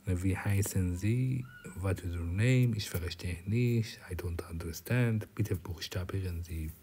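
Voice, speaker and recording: A man whose first language is Persian works slowly through a German lecture, halting with fillers and restarts. His voice is low and dark, sometimes dropping nearly to a whisper. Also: a little hiss or hum. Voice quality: drops to a whisper at times. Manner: halting, many fillers and restarts, switching between German and English. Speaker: language teacher.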